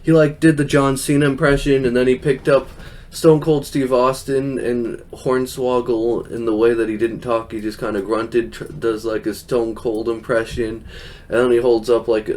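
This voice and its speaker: A man's voice: medium pitch, little pitch movement, moderate pace, a little mellow. A young man hosting a podcast, recapping a show in casual, rambling chat, laughing often and quoting people in silly voices. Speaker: podcast host.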